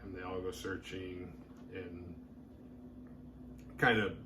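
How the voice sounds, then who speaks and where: A man's voice: sits low, level tone, slow pace, heavy background noise. A man hosting a horror movie review show, recapping a film in a casual, rambling way with lots of filler words. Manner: rambling, heavy use of "like" fillers.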